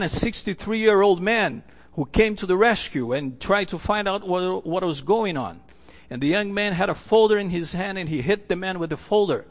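A man preaching a sermon in an earnest, storytelling way, often restarting his phrases. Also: sits high. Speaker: pastor.

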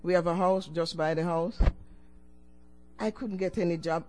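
An older woman giving a personal testimony to her church, telling it with lively swings in pitch and loudness and chuckles between phrases. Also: moderate pace. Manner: animated storytelling with sudden swings in pitch and loudness.

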